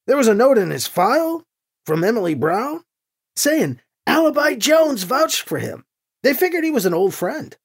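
A man's voice: extremely high pitch, very animated, normal speed, husky, pitched above the performer's own voice, heavily acted. A narrator voicing a male security chief who talks in a wry, matter-of-fact way. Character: gruff male security chief, dry-humored.

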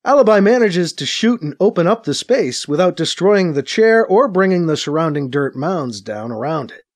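Man narrating with lively pitch. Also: normal speed. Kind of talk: scripted narration.

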